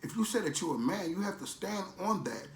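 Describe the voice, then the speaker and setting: A man's voice: high voice, expressive, fairly quick. Emphatic streetwise man preaching in an echoey room. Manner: emphatic, streetwise, repetitive phrasing. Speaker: vlogger promoting a supplement. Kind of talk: preachy motivational rant.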